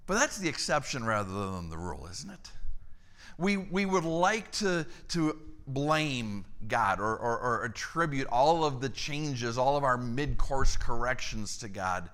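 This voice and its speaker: A middle-aged man preaching a storytelling sermon, acting out the dialogue in his tale with lively energy. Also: medium pitch, a little slow. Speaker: church staff member preaching.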